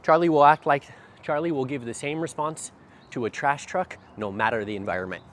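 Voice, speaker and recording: A man's voice: fairly high pitch, brisk, fairly bright tone. A man working as a dog trainer, explaining while he walks a dog outdoors, with a habit of asking "right?" after short phrases. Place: outdoors by a street. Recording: faint outdoor noise.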